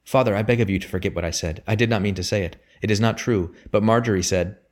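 A man's voice: lowish voice, quick pace, natural voice. A man reading a proud defiant young son. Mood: pleading. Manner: earnest pleading, then cold stilted formality.

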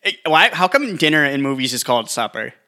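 A man with a bright, ringing voice talks in a loose, rambling way. He co-hosts a casual chat and slips into crude jokes and tangents. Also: fairly high pitch, big pitch swings, a little fast.

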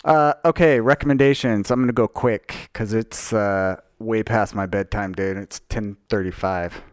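A man's voice: on the low side, steady tone, moderate pace, no room sound, clean studio sound. A man co-hosting a podcast in casual, joking chat, swearing freely. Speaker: podcast co-host.

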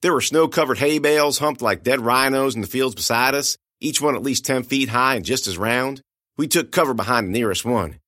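A man narrating a first-person audiobook with lively, expressive storytelling. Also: medium pitch, brisk, no echo, clean studio sound.

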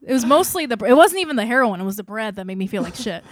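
A woman's voice: a little high, racing, crowd noise. A young woman co-hosting a podcast, telling a story casually with many fillers and bursts of laughter. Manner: animated, lots of fillers, laughs through her story. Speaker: podcast host.

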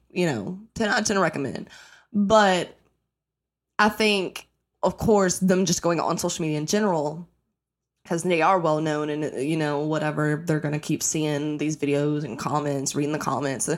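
A young woman hosting her own podcast, ranting casually and bluntly with lots of swearing, jumping into high mock-outraged bursts. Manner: blunt, profane, animated, breaks into high-pitched mock outrage. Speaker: podcast host. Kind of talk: casual solo rant.

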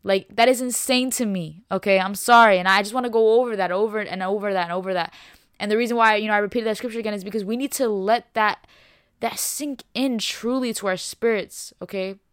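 A woman's voice: medium pitch, brisk, clear, resonant tone, no echo, studio quality. A young woman hosting a faith podcast, preaching with passion and emphasis, repeating herself and dropping casual words like y'all and bro. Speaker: podcast host.

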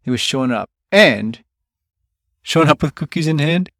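A man hosting a podcast, telling a workplace story in a lively way and quoting coworkers in loud bursts. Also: a little high, moderate pace, no room sound, clean studio sound. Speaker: podcast host. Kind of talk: storytelling monologue.

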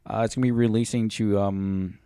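Man, podcast co-host, casual rambling chat, swears, lowish voice, dry sound. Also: steady tone, a little fast, mellow, smooth, no room sound. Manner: loose, rambling, swears often.

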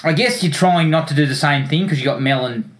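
A man's voice: fairly high pitch, fairly quick, fairly bright tone. A man hosting a casual film podcast in a chatty way, laughing often. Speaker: podcast host.

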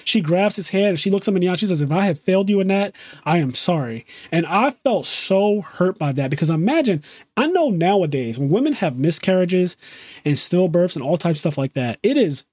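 Guy chatting about a tv show, kinda high pitched, excited, cusses freely, super dry mic. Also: fairly quick, husky, no room sound. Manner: animated, swears freely, quotes dialogue. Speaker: podcast co-host. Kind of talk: casual chat about a TV show.

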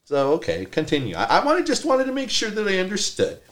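A man's voice: high-pitched, wildly swooping pitch, quick pace, fairly bright tone. A man co-hosting a podcast, chatting casually in a blunt, ranting way and repeating himself. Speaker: podcast co-host. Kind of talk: casual chat.

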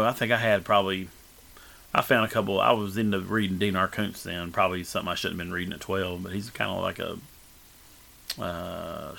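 A man's voice: low voice, creaky, pushed and bright. A man telling a long personal story in a rambling, casual way with many fillers and restarts. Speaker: guest telling his life story.

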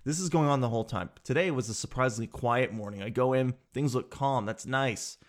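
A man telling a comic story in an animated, exasperated, sarcastic way. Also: mid-range voice, a little fast.

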